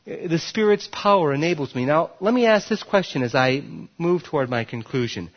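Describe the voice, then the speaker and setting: Lively, animated preaching man. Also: fairly high pitch, moderate pace, lo-fi sound. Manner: lively preaching with emphatic rises and soft drops. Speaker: pastor. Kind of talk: sermon.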